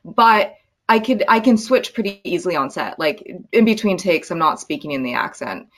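Low-voiced woman, relaxed actress guest. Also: brisk. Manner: relaxed, friendly, filler "like". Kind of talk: casual interview chat.

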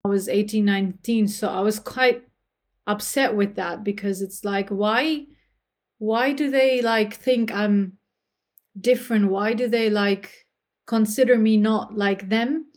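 A woman's voice: medium pitch, steady tone, unhurried. A young woman from Germany, a former footballer, telling her experiences in a casual interview, chatty with many fillers. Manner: chatty, many fillers, laughs between phrases.

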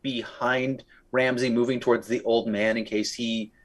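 A man's voice: mid-range voice, little pitch movement, moderate pace. A man playing a tabletop game, chatty and eager, cutting in with questions and tips. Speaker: player.

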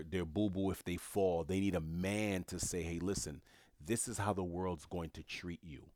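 A man's voice: low voice, no echo, clean studio sound. A man in casual conversation, telling a family story with lots of animation and acting out what others said. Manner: animated storyteller who acts out others' lines.

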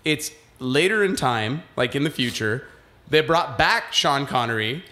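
A man's voice: medium pitch, measured pace, slight background noise. A man co-hosting a podcast in casual chat. He talks animatedly and swears freely. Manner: animated, swears freely, stumbles over restarts. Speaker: podcast co-host.

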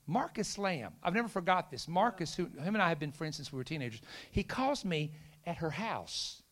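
A middle-aged man delivers a storytelling sermon in a high voice. He acts out the people he quotes, rising into sudden shouts on the punchlines. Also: lively intonation, brisk. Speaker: preacher.

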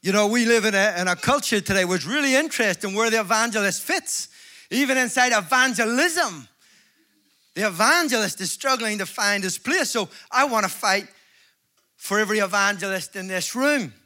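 A bright-voiced evangelist preacher from Northern Ireland speaks at a normal speed in a high, expressive voice before an audience in a large conference hall. He delivers a humorous conference sermon, joking at first and then rising to fervent exhortation.

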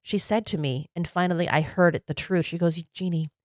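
A woman in her forties talks through her own past in an earnest, reflective podcast voice. Her pitch sits low, and the recording is dry and close with no room sound. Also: fairly quick, no room sound. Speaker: podcast host. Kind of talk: personal storytelling podcast.

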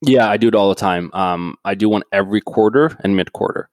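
A man's voice: on the low side, fairly quick, dry recording. A man, a company founder, talking casually as a podcast guest, telling blunt, profane stories with frequent restarts.

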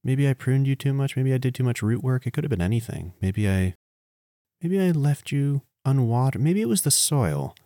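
A man hosting a podcast, speaking a casual eulogy to his plants. He rambles playfully, makes fun of himself, and swings between animated outbursts and quiet murmurs. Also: medium pitch, moderate pace, dry recording, studio quality. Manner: playful and rambling, with self-mocking asides. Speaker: podcast host.

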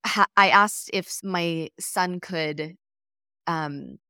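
Animated storytelling woman, dry sound. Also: on the low side, slow, no room sound. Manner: animated, laughing, acts out quoted texts. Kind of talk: casual storytelling in conversation.

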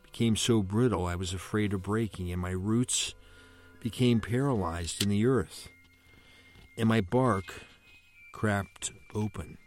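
A man's voice: on the low side, unhurried, soft background music, natural voice. A man reading aloud the lines of a lonely young female tree, tearful and pleading, in a storybook. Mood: hurt.

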